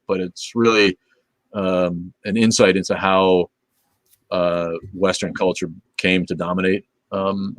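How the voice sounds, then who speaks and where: Laid-back low-voiced man rambling casually. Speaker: livestream host. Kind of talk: casual livestream chat reading viewer comments.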